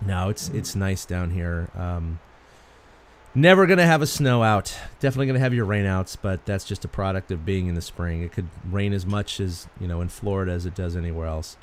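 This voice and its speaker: A man co-hosting a sports podcast, an animated storyteller who laughs often in casual chat. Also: deep voice, fairly quick. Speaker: podcast co-host.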